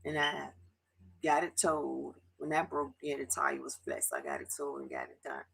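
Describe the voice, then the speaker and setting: A middle-aged woman from Baltimore talks straight to her viewers in a confessional vlog. Her voice is gravelly and husky, and she is close to tears. She speaks haltingly, restarts often, and sometimes sinks to a near whisper. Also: deep voice, fairly even intonation, a bit bright, low-quality recording. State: tearful, fighting back tears. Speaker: vlogger.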